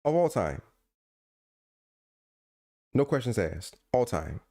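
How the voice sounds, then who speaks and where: This co-host of a podcast has a mid-range voice and talks slowly. His casual chat is full of animated stories and playful rants, with lots of repetition and restarts.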